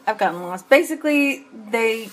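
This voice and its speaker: A woman's voice: fairly high pitch, animated, moderate pace, a little hiss or hum, low-quality recording. A woman co-hosting a podcast, recapping a TV episode in casual chat, meandering and laughing often as she loses her place. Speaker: podcast co-host.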